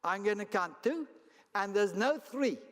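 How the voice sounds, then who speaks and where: A man's voice: high voice, animated, measured pace, voice pushed up. Man putting on a wry South African pilot. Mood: matter-of-fact. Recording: long hall reverb.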